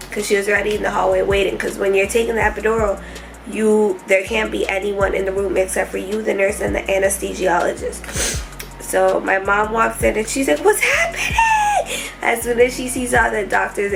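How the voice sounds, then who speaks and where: A young woman telling her hospital story to camera in a casual vlog, emotional and rushed, with many fillers. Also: medium pitch, vocal fry, rough recording. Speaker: vlogger. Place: hospital room.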